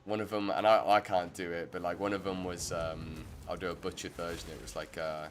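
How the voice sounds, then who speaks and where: A man's voice: low voice, little pitch movement, fairly quick, a little hiss or hum. A man giving rambling, chatty commentary while streaming a game. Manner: rambling, self-interrupting, chatty. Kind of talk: casual gameplay commentary.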